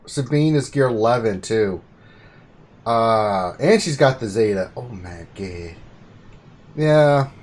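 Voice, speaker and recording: A man hosting a casual gaming chat, talking through team builds with excited outbursts. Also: medium pitch, slow, long pauses. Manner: excitable, bursts of exclamation. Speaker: stream host. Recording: hissy stream with clicks.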